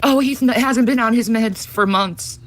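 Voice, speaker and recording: A woman's voice: a little high, normal speed, slight background noise. A woman arguing on a livestream, tearful, pleading and bitter, swearing often. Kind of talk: heated argument on a livestream.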